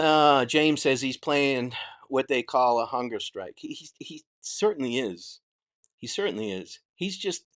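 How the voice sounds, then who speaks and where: Blunt, profane man with a Boston accent. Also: mid-range voice. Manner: answers chat questions. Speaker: host. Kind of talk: casual live-stream commentary.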